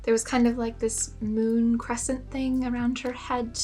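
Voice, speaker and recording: A young woman with a fairly high voice tells a personal story in a relaxed vlog. She is chatty and pokes fun at herself, and she fills her sentences with "like". Soft music plays faintly underneath. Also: unhurried. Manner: chatty, self-mocking, lots of "like" fillers. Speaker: spiritual storyteller.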